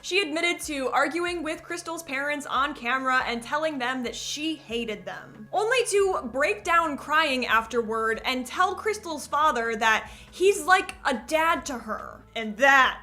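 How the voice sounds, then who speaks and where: A woman's voice: high-pitched, expressive, unhurried, few pauses, bright, forceful tone. A woman hosting a commentary video, narrating with sarcastic joking asides. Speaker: commentary channel host.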